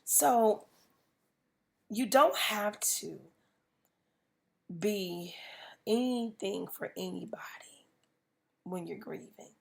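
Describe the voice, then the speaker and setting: A woman's voice: medium pitch, extremely slow, gravelly, pauses often. A woman, hosting a podcast and speaking tenderly and earnestly to listeners with many "you know" fillers. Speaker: podcast host. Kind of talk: personal reflection to listeners.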